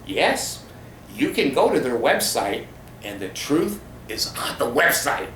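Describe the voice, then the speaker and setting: A man giving an angry, profane monologue about his church, speaking slowly and emphatically. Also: mid-range voice, fairly bright tone, a little hiss or hum. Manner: indignant, profane, slow and emphatic. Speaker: former glazier ranting about his church. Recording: roomy echo with faint ambience.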